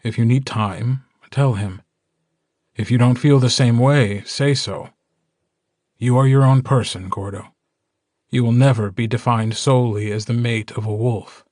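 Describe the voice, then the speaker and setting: Man voicing a calm, gentle werewolf alpha. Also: medium pitch, no echo, clean studio sound, close to an everyday voice. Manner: measured, gentle and teasing. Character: calm, kindly male werewolf alpha, older brother. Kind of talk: audiobook character dialogue.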